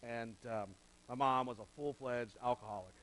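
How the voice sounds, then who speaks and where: The audio is poor, with a little hiss or hum, and the middle-aged pastor speaks at a normal speed with a medium pitch and a slightly bright tone. He preaches in a church sanctuary, talking directly and conversationally to the men present.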